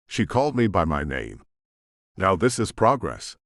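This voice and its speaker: Low-voiced man reading a romance. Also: sing-song, a little slow, creaky, fairly bright tone, dry recording, clean studio sound. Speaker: audiobook narrator. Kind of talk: first-person romance narration.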